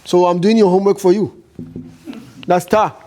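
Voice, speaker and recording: A man teaching a beginners' class, talking slowly and firing repeated questions at his students. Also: sits high, flat delivery, warm tone. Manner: slow, repetitive, questioning students. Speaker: Arabic teacher.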